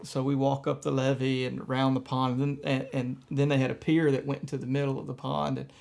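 A man pastor telling a personal story in a church message, soft-spoken and halting, with frequent fillers. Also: medium pitch, monotone, creaky.

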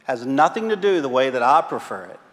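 A man's voice: medium pitch, sing-song, fast. A man preaching a sermon as pastor, telling self-mocking, humorous stories to his congregation. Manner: joking, self-mocking storyteller. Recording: long hall reverb.

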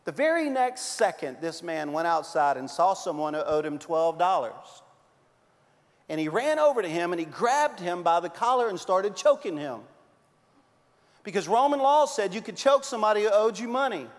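A man preaching a sermon as a pastor, telling stories with big swings from loud to hushed. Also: high voice, lively intonation, normal speed. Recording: long hall reverb.

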